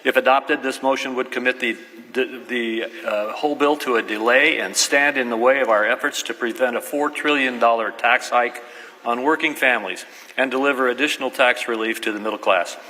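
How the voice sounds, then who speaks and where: Man senator, businesslike floor speech, bright clear tone, chamber reverb, faint clicks. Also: medium pitch, fairly quick. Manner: businesslike, with a brief self-deprecating laugh. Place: large legislative chamber.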